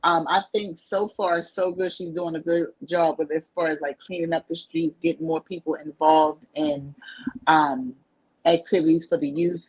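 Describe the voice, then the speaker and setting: A woman from Brooklyn with a New York accent, chatting on a podcast in a relaxed, halting way with many fillers. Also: sits low, breathy edge, poor audio. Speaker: podcast co-host. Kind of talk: casual podcast chat.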